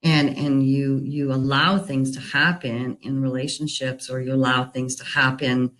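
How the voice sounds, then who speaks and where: A woman working as a divorce recovery coach talks through a personal story in an earnest, unhurried way. Her delivery is conversational and reflective, with plenty of "you know" fillers. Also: rumbling low, level tone, a bit bright, poor audio.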